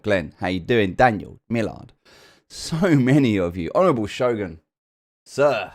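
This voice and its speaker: A man with a British accent hosting a live stream, chatting casually and greeting viewers one by one by name. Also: lowish voice. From United Kingdom. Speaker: stream host.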